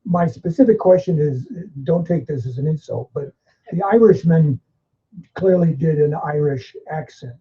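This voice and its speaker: A man's voice: fairly high pitch, moderate pace. A man in the audience asking a question at a seminar, chatty and hesitant. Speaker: audience member. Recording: muffled live recording.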